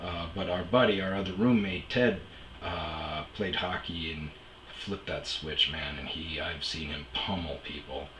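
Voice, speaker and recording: A man's voice: low-pitched, a little slow, fairly bright tone, roomy sound, a little hiss or hum, rough recording. A man casually telling rambling, profane stories as a podcast host, full of fillers and asides. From Omaha area. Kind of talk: casual storytelling monologue.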